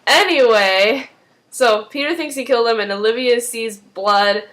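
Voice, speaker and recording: A woman's voice: a little high, a little slow, fairly bright tone. A woman casually recapping a TV episode, rambling along with lots of "like" and "um" and a few apologetic asides. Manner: rambling, heavy use of "like" and "um".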